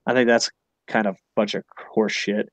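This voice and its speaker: A man's voice: lowish voice, level tone, normal speed, dry recording. A middle-aged man hosting a casual wrestling podcast, rambling and swearing with big enthusiasm and asking "you know what I mean?" again and again. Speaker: podcast host. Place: Japan.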